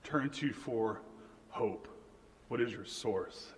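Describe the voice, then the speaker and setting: Casting note: young male pastor, mid pitch, storytelling sermon, echoing sanctuary. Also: slow, a little hiss or hum. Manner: storytelling, animated quoting of family. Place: church sanctuary. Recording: reverberant church hall.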